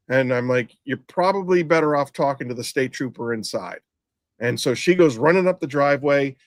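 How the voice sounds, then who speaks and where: In a close, dry recording with little room sound, a middle-aged former EMT who hosts a podcast rambles through a grim work story. He speaks at a typical male pitch, often restarting sentences, using fillers and looping back in casual storytelling.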